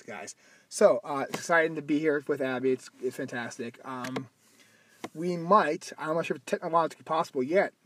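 A man co-hosting a casual podcast from inside a car, rambling and correcting himself as he goes, with a slight stutter now and then. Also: a little high. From Midwest US. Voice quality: stutters at times. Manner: rambling, self-correcting, joking. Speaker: podcast co-host. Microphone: phone recording.

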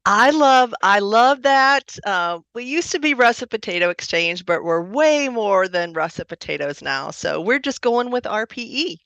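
A woman's voice: a little high, expressive, moderate pace, few pauses, a bit bright, no echo, muffled recording. A woman from Wisconsin, a produce company executive, answering interview questions with enthusiasm. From Wisconsin, USA. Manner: enthusiastic, businesslike.

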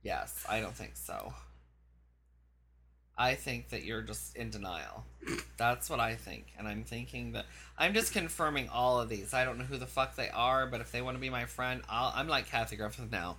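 A woman hosting a crude casual chat, brash and profane, gossiping loudly and short on sleep. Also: rumbling low, animated, moderate pace, slight background noise. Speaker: show host.

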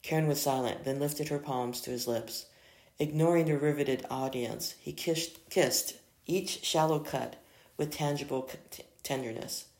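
A reader works through a romance story aloud, often stumbling and correcting themself. The voice has steady vocal fry at a middling pitch. It was recorded in an echoey room. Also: measured pace.

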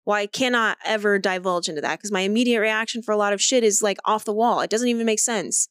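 A woman's voice: mid-range voice, fast talker, fairly bright tone, clean tone, dry recording, clean studio sound. A woman co-hosting a podcast in casual chat, talking things through at length, candid and swearing freely. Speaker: podcast co-host.

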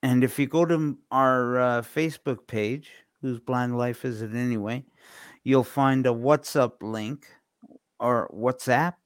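A man co-hosting a casual podcast, talking with many fillers and pauses. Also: medium pitch, steady tone, clean tone, dry recording, clean studio sound. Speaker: podcast co-host.

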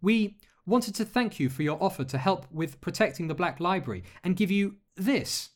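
A man's voice: sits high, expressive, normal speed, pitched above the performer's own voice. A man voicing an earnest, flustered young witch girl who stammers when embarrassed. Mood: shy.

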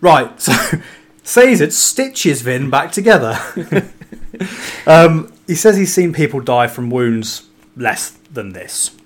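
A man's voice: on the high side, big pitch swings, slow. Sweary joking man in podcast chat. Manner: sweary, rambling, jokey asides. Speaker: podcast co-host discussing a novel. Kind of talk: casual book-club chat.

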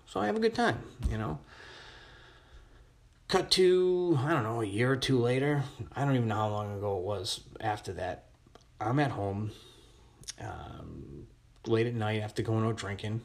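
A man's voice: medium pitch, normal speed. A man telling a long personal story in a casual voice message, rambling with many restarts.

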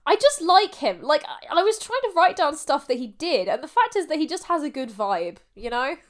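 A woman's voice: sits high, sing-song, moderate pace. A woman co-hosting a casual podcast, recapping episodes with frequent laughter and a bit of swearing. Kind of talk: casual chat.

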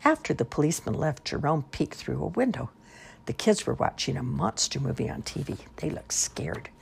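Storybook reader, female, low gravelly voice, lively delivery. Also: moderate pace. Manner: expressive, lively voicing. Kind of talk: children's story read-aloud.

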